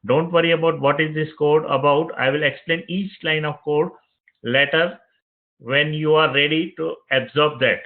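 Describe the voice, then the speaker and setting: Instructor, male, fairly high voice, walks through each click of a screen tutorial; thin phone-quality sound. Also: fairly even intonation, moderate pace. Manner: step-by-step narration of clicks, repeats phrases. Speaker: web development instructor. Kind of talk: screen-recorded software tutorial. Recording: tinny phone-like audio.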